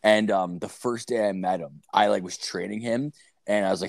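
A man's voice: on the low side, fairly even intonation, moderate pace, creaky. A man in his thirties co-hosting a podcast, telling crude stories in a rambling, profane way and acting out the people in them. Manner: profane, rambling storytelling with acted quotes. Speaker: podcast co-host. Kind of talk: crude casual chat.

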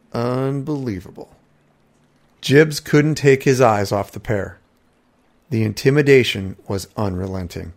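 Man reading a wry fantasy story. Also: lowish voice. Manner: conversational, wry asides. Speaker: narrator.

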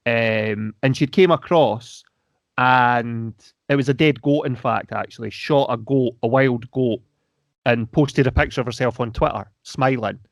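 A Scottish man co-hosting a casual chat, wry and quick to joke and laugh. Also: mid-range voice, no echo, clean studio sound. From Scotland. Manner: wry, joking asides, laughs easily.

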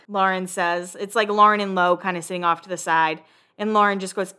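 A woman's voice: medium pitch, normal speed. A young woman hosting a casual recap chat, talkative and swearing freely. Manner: chatty, swears freely, quotes people in animated voices. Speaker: podcast host recapping a reality show.

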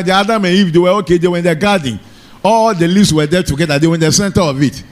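A man preaches in church, his voice sitting high for a man. He keeps checking in with his congregation, asking if they are together and calling for an amen. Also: fast talker. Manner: call-and-response preaching, asks the congregation for amen. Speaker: pastor. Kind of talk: sermon.

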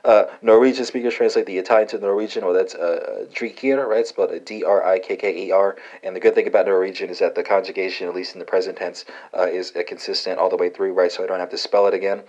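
A man giving a casual language lesson, talking haltingly with many "uh"s and "right?" tags. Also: low-pitched, steady tone, a little mellow. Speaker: language teacher. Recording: dull lo-fi recording.

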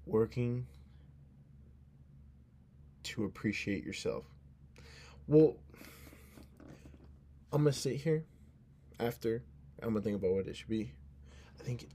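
A young solo podcast host talks in a warm voice on the low side, a bit of hiss or hum audible. He rambles earnestly and drowsily, frequently interrupting himself.

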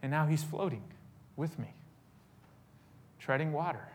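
A man preaching a storytelling sermon as a pastor, animated and swinging from loud to hushed. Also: fairly high pitch, normal speed, long pauses.

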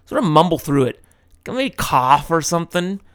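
A man's voice: on the high side, sing-song, moderate pace, fairly bright tone. A man giving casual, tongue-in-cheek tips in a rambling, irreverent way, full of fillers and the odd swear word. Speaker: vlogger giving language tips.

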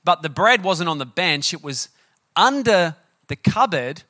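A young man preaching a sermon, telling a story in a chatty, animated way with many fillers. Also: sits high, unhurried.

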